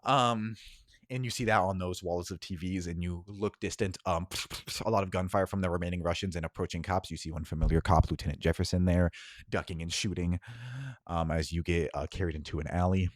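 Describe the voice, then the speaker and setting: Low-voiced man running a tabletop game. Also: steady tone, a little fast, no room sound, clean studio sound. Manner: casual, with many filler ums. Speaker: game master.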